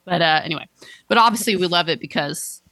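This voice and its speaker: A woman's voice: on the low side, fast talker, no room sound. A woman co-hosting a casual chat, recapping a TV episode with lots of laughter and quoted lines. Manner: animated, laughs often, acts out lines in quotes. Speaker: podcast co-host.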